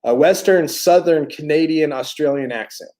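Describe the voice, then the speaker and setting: Laughing, high-voiced man hosting a livestream. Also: moderate pace, a little mellow. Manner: joking, laughs often, greets chat viewers by name. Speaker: recovery livestream host. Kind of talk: casual livestream chat.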